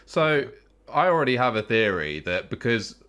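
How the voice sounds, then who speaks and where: A man's voice: mid-range voice, big pitch swings, moderate pace, a bit bright. A man who is a regular guest on a talk show, rambling and self-mocking in casual chat.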